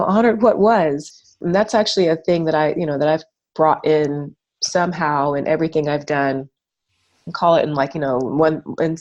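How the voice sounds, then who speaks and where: A woman's voice: on the low side, darkish tone. A woman guest in a casual interview, telling a personal story in an earnest, reflective way with many fillers and restarts.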